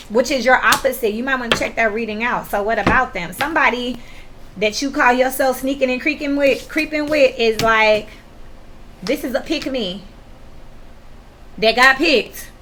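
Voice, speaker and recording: A woman's voice: sits high, moderate pace, sharp tone, a little hiss or hum. A woman giving a casual tarot reading, talking straight to the viewer in a blunt, slangy, profane way that gets worked up, with sudden laughs. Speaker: tarot reader.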